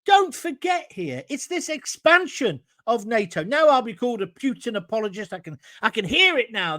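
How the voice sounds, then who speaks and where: A man's voice: very high-pitched, very animated, normal speed, few pauses, sharp tone, no room sound, clean studio sound. A middle-aged British man hosts a live opinion talk show and reads out viewer comments in a combative, ranting manner. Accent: British English. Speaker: host.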